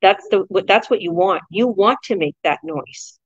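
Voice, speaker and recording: A woman's voice: mid-range voice, normal speed, no echo, dull audio. A woman business coach talking energetically in a casual group chat, rambling with fillers and restarts. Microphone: video call.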